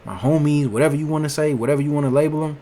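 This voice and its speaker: A man's voice: on the high side, racing, warm tone. A man casually reacting to a friend's story in plain, laid-back talk.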